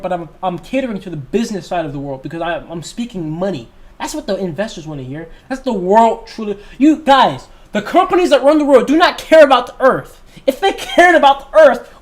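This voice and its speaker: A young man hosting a livestream, talking in a passionate, emphatic way and repeating his points. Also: extremely high pitch. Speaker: livestream host. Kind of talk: casual livestream talk.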